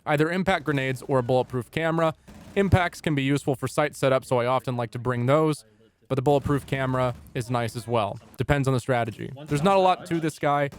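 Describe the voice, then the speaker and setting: A man's voice: mid-range voice, quick pace. A young man reading a scripted game guide with dry, jokey asides. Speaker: gaming YouTuber.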